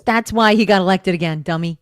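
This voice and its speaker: Woman co-host, low voice, mocking and crude, dry close mic. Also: quick pace, no room sound. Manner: blunt, profane, mocking. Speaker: podcast co-host. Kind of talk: casual chat.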